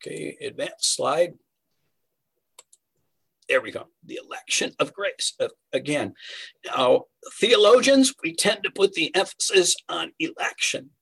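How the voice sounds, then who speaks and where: A man's voice: on the high side, sing-song, measured pace, creaky, pauses often, a bit bright, breathy edge, rough recording. A man preaching a verse-by-verse Bible sermon, earnest and emphatic, asking rhetorical questions as he teaches.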